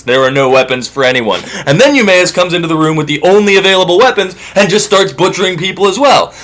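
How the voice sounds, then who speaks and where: Lively irreverent male storyteller. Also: high-pitched. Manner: irreverent and profane, casual. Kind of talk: comic myth retelling.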